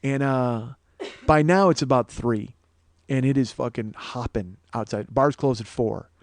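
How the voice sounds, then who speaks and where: A man's voice: mid-range voice, unhurried, no room sound. Man in his forties, comic storyteller, swears freely, voices his characters, mid-range voice, dry close sound. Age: 40s. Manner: profane, acts out quoted dialogue. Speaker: comedian and podcast host. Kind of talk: casual storytelling monologue.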